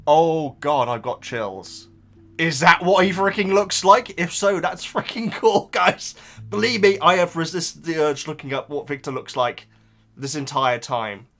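A man's voice: fairly high pitch, a little slow, fairly bright tone. A man hosting a reaction channel, talking in a casual, emotional and rambling way with lots of restarts.

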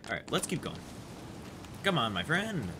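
A man giving casual gameplay commentary, excitable and chattering to his character, over noticeable background noise. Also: medium pitch, normal speed. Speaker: gaming channel host.

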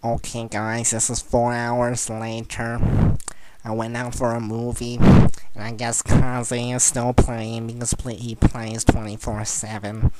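A teenage boy giving gameplay commentary, boastful and trash-talking, bursting into shrill yelling. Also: completely flat delivery, takes it slowly, heavy background noise. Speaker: gamer commentator.

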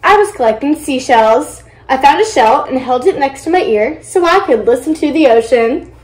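A young woman with a high voice reads a children's picture book aloud in a lively way. Her voice rings around an echoey room. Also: normal speed. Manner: lively, voices characters with excited high exclamations. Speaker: storybook reader.

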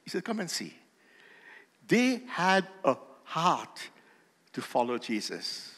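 Emphatic, slow preaching comes from a man whose voice sits a bit high and shifts lively in pitch. Key lines are stressed and grow in volume, and the hall adds a long echo to everything he says.

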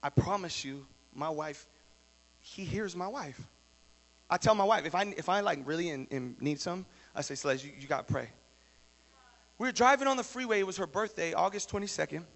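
High, gravelly preacher man in an echoey hall. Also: normal speed. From Texas. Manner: builds from low storytelling to shouted exhortation. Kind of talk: sermon.

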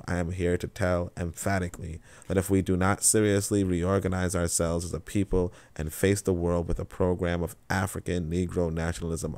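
A man with a deep, low voice hosts his own livestream, reading passages aloud in a slow, deliberate way. Between the quotes he drifts into relaxed, rambling talk full of fillers. The sound is dry, with no room echo. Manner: reads quotes slowly and deliberately, then chats loosely with fillers. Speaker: livestream host reading and commenting on an essay. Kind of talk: live-streamed reading with casual commentary.

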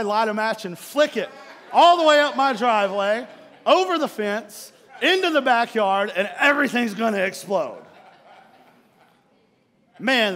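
A middle-aged male pastor preaching, telling a personal story with animated, playful acting-out. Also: sits high. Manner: animated storytelling, acts out own frustration. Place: church hall. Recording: long hall reverb.

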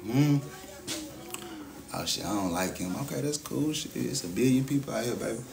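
A man's voice: mid-range voice, expressive, moderate pace, gravelly. A young man in casual livestream chat, boastful and hyped, talking to his chat with constant filler phrases. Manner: boastful, hype talk with constant "you know what I'm saying" fillers.

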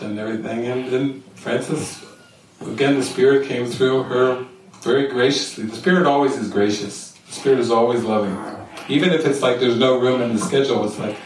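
An older man giving a spiritual retreat talk, telling stories and lively quoting others. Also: mid-range voice, a little slow, slight background noise. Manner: storytelling, animated quoting. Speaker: spiritual teacher. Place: retreat center hall. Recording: echoey room, mic far off.

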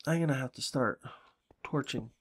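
A man with a mid-range voice speaks at a moderate pace, with slight background noise behind him. He hosts a gaming channel from Salem, Massachusetts, rambling, chatting, and cursing freely as he talks through his game.

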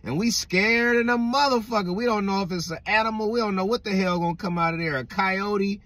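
Young man, lively storytelling with cussing, dry close sound. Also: high-pitched, fairly quick, no room sound. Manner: animated, swears a lot, keeps asking "right?". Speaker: vlogger. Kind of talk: casual storytelling.

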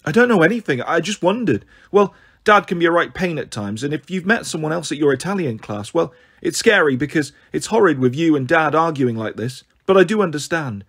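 A man with a husky voice reading a novel aloud in lively first-person storytelling. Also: on the high side, fairly quick. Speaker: audiobook reader.

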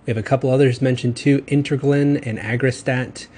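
A man with a Southern accent talks through a recorded pharmacology lecture at a middle pitch. He rambles casually, corrects himself mid-sentence and adds quick asides. A faint hiss of background noise runs under the voice. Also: steady tone, darkish tone. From Texas.

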